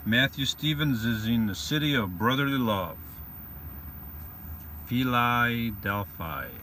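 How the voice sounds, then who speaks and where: Man, vlogger host, rambling and joking, tense bright tone, faint vehicle noise. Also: medium pitch, animated, normal speed. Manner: rambling and joking, greets viewers by name. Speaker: livestream host reading viewer comments. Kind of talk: casual live-stream chat. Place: van or vehicle.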